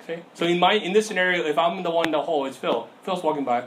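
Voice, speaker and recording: A man's voice: a little high, fast talker. Storytelling young man preaching. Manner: conversational storytelling, acts out voices in anecdotes. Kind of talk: sermon. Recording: faint background noise.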